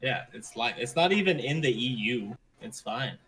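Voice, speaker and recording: A man's voice: medium pitch, animated, moderate pace, a bit bright, low-quality recording. Guy streaming live, chill and kinda stumbly, lots of uh, laughs a bunch. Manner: hesitant, many fillers, laughs easily. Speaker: streamer and host. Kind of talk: casual livestream chat.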